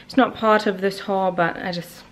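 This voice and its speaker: A woman's voice: mid-range voice, fairly even intonation, normal speed, reverberant, far from the mic. A young woman vlogging a clothing haul, chatty and playful, with slang and jokey asides. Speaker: fashion vlogger. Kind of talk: casual haul vlog.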